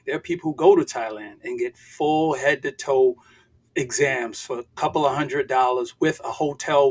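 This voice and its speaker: Husky, emphatic older man. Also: medium pitch. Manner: emphatic, preachy, fires rhetorical questions. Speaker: guest, real estate investor. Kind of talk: casual interview talk.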